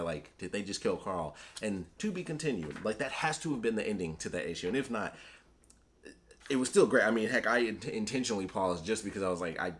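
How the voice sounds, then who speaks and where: A man with a somewhat low voice rambles through a comic book review, a casual solo chat with a little hiss or hum in the background. Retelling the scenes, he gets animated and drops into the characters' dialogue.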